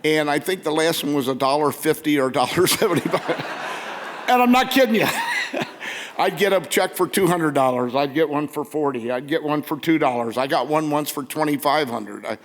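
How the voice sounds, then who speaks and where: A man's voice: a little high, moderate pace. Older man telling stories in a hall. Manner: animated, laughing, acts out quotes. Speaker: conference speaker telling stories. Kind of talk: casual storytelling to a live audience. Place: large theater with audience. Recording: long reverb from a big hall.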